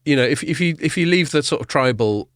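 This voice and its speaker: A man's voice: fairly high pitch, expressive, quick pace, no room sound, studio quality. A man hosting a casual podcast chat, talking in a loose, swearing, filler-heavy way. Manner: chatty, swears casually, many fillers and restarts. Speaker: podcast host.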